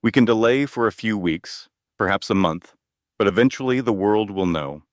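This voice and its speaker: Narrator doing a gentle, formal male attorney: low, steady and dry-miked storybook delivery. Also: moderate pace, no room sound, natural voice. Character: calm, measured male estate attorney.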